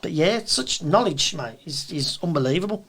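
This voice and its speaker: A man with a Birmingham accent, a guest event promoter chatting casually and telling animated stories, acting out quotes. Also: on the high side, normal speed. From England. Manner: animated storyteller, acts out quotes. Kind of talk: casual chat.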